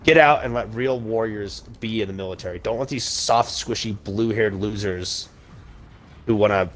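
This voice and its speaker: A man's voice: on the low side, normal speed, fairly bright tone. A young man hosting a podcast, ranting heatedly with emphatic insults while chatting casually over a video game. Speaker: podcast host.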